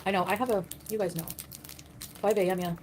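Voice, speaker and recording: A woman's voice: mid-range voice, moderate pace, darkish tone, slight background noise. A woman livestreamer chatting casually with viewers, rambling and laughing at herself.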